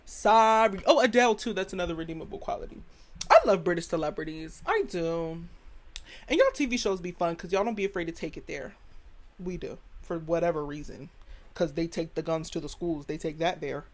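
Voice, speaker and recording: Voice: mid-range voice, animated, a little fast. A podcast host from the United States giving a casual opinion rant in a sassy, blunt way, repeating punchlines.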